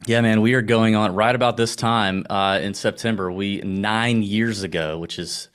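A man's voice: lowish voice, smooth. A man in his thirties from Georgia with a Southern accent, chatting animatedly as a podcast guest. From Augusta, Georgia, US. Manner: animated, laughing, quick storytelling. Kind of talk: casual podcast chat.

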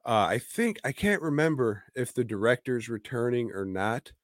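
A man's voice: medium pitch, animated, normal speed, no echo, clean studio sound. A man co-hosting a podcast, chatting casually about movies in a rambling, profane way and chuckling between his points. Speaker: podcast co-host.

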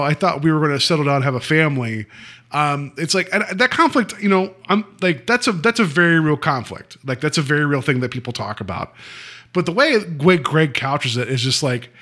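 A man co-hosting a casual podcast, talking in an animated, sarcastic way and laughing often. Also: a little high. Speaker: podcast co-host.

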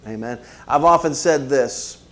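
A man's voice: medium pitch, unhurried. A middle-aged man preaching a sermon, telling a story and turning to the congregation with questions and asides. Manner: animated, conversational preaching with frequent asides to the congregation. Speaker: pastor.

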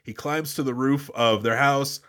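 A man's voice: mid-range voice, steady tone, measured pace, fairly bright tone. A man co-hosting a podcast, recapping a movie with enthusiastic, profane storytelling on a close mic. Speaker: podcast co-host. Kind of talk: casual movie recap chat.

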